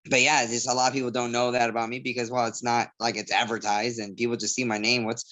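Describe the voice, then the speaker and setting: A man's voice: medium pitch, flat delivery, quick pace, sharp tone, a little hiss or hum. A man, chatting casually as an interview guest and rambling through stories. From Southgate, California. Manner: rambling, storytelling with imitated voices. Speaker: MMA fighter guest.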